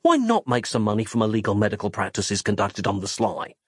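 A man narrating a horror audiobook in a dramatic, measured reading. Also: lowish voice, sing-song, breathy edge, no room sound, clean studio sound.

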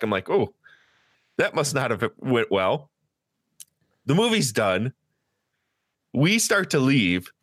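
Animated, bright-voiced man telling a story. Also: dry recording, studio quality. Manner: animated, profane, acts out quotes in a high loud voice. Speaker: podcast co-host. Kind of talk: casual storytelling chat.

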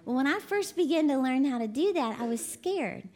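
A woman's voice: sits high, lively intonation, normal speed, darkish tone. A woman preacher, giving a conversational sermon in a chatty, folksy storytelling manner, laughing often. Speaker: ministry CEO and preacher.

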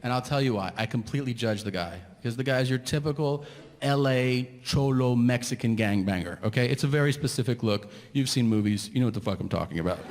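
A man doing a stand-up set, telling a story and acting out the voices. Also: mid-range voice. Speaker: stand-up comedian. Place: theater stage. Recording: echoey live hall with audience noise.

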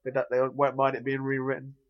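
A man's voice: mid-range voice, monotone, quick pace. Male podcast panelist, hesitant questioner, dull lo-fi audio. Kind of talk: casual chat. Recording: dull lo-fi recording.

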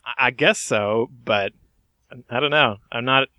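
A man co-hosting a podcast in casual chat, mild and hesitant, filling pauses with uhs and small laughs. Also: mid-range voice, sharp tone. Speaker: podcast co-host.

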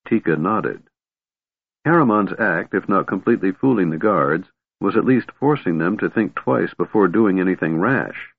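Reading a scripted fantasy tale as an audiobook narrator, a man keeps a measured, steady delivery in a low, somewhat husky voice. The sound is dry and close-miked with no echo, squeezed into a tinny, phone-like band that strips away lows and highs.

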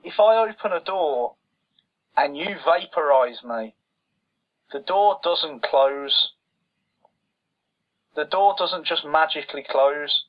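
A man's voice: on the high side, animated, slow pace, long pauses. A man co-hosting a casual film chat, exasperated and sarcastic, picking apart the plot and mimicking characters. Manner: exasperated, sarcastic, mocks characters in quoted voices. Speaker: podcast co-host. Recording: dull lo-fi audio.

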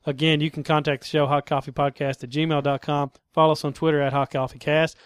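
Male podcast host, casual and profane banter, fairly high voice, dry close sound. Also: little pitch movement, fast talker, clean tone, no echo. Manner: crude, laid-back joking.

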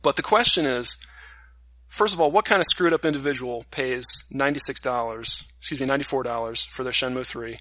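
A man's voice: mid-range voice, brisk, pushed and bright, no echo. A man hosting a casual podcast over an online call, wry and steering the discussion. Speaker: podcast host. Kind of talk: casual chat.

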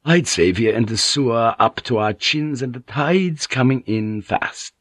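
A man's voice: medium pitch, lively intonation, unhurried, a bit bright, no echo, studio quality. A man voicing a coarse, fearful Dutch sailor who curses his luck. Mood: bitter grumbling. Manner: cursing, fearful and bitter.

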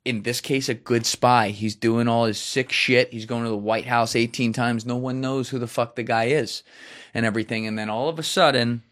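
Telling a story in casual conversation, a man hosting a podcast curses liberally and mimics the voices of people he quotes, keeping it animated. He speaks at a moderate pace in a mid-range voice.

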